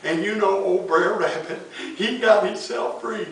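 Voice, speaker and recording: A man's voice: high voice, measured pace, creaky, a bit bright, slight background noise. A man telling a folk tale in a folksy, chuckling way. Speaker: storyteller. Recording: echoey room, mic far off.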